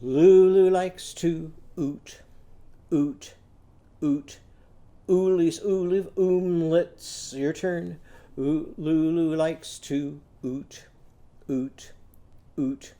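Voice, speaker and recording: A teacher leading a children's phonics lesson in an unhurried, sing-song way, stretching out every vowel. The voice is soft and mellow, never sharp. The delivery is a patient call-and-response chant. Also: mid-range voice, steady tone.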